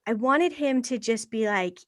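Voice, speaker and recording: Her pitch on the high side and her pace unhurried, a thirty-something woman guesting on a podcast speaks openly in an interview. She acts out her earlier thoughts in lively quoted voices, and the recording is dry with clean studio sound.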